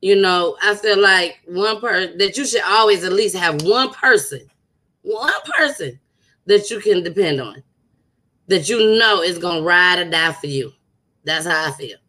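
A woman's voice: on the low side, normal speed, bright, forceful tone. A young adult woman hosting a podcast, chatting casually and heartfelt, repeating words for emphasis and using dialect. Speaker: podcast host. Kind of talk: casual chat.

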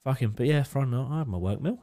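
A man's voice: medium pitch, very fast. A man co-hosting a casual podcast, telling club door stories in a sweary, joking way and acting out the voices in them. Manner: sweary storytelling, animated quotes. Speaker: podcast co-host. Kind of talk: casual chat.

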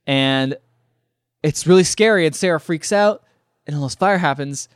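A man's voice: on the high side, moderate pace, smooth, no room sound, clean studio sound. A young man hosting a podcast, animatedly retelling a movie plot and acting out the characters' lines. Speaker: podcast host. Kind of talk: casual movie recap.

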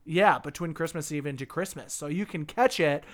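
A podcast co-host in casual chat, talkative and quick to laugh. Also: medium pitch. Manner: chatty, laughs often, swears casually.

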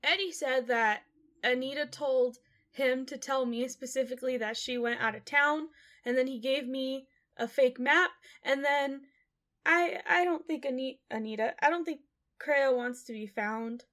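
Higher-voiced woman narrating her character. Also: unhurried, a bit bright. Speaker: player. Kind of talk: casual tabletop play.

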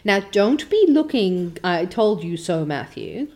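A woman's voice: mid-range voice, big pitch swings, takes it slowly, warm tone. A woman reading aloud as a strict older spinster guardian who talks in a clipped, scolding way. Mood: grudging.

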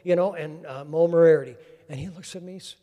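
Fervent high-voiced preacher in a reverberant hall. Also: male voice, quick pace, warm tone. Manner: fervent, calls out to the congregation. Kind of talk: sermon.

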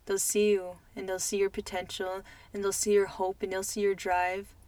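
A woman co-hosting a podcast, talking in a soft, emotional way, repeating words as she gives advice to her younger self. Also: mid-range voice, little pitch movement, normal speed, no room sound. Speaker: podcast co-host. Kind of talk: heartfelt podcast chat.

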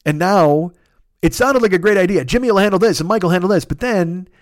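A man in his fifties hosting a casual solo podcast, rambling, excitable and full of profanity. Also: high-pitched, brisk, no echo, clean studio sound. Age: 50s. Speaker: podcast host.

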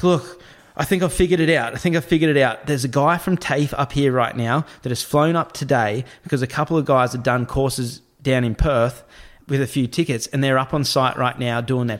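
Animated Australian man telling a story. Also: mid-range voice. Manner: animated, acts out other people's voices, swears freely. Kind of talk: casual storytelling chat.

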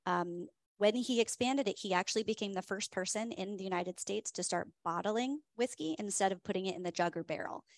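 Host: enthusiastic woman, chatty, lots of ums, mid pitch, dry sound. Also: a little fast, few pauses, no echo. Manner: chatty, many "um" fillers, enthusiastic. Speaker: whiskey tasting host. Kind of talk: casual storytelling presentation.

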